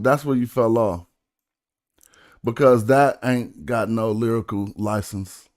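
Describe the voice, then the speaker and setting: A man's voice: medium pitch, steady tone, takes it slowly, darkish tone, no room sound, studio quality. A man streaming casually, chatting. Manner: laid-back slang, breaks down rhymes syllable by syllable. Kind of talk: casual livestream chat about rap and study.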